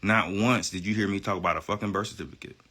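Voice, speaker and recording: A man's voice: low voice, steady tone, quick pace, bright, forceful tone, husky. A man ranting on a livestream, emphatic, profane and defiant, hammering his points by repeating phrases. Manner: defiant, self-assured. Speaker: livestream guest. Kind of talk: heated livestream rant.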